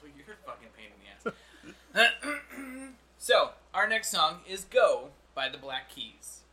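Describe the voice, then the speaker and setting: A man's voice: sits high, sing-song, unhurried, sharp tone. A man hosting a podcast in casual, chatty banter, laughing easily and swearing offhandedly. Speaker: podcast host.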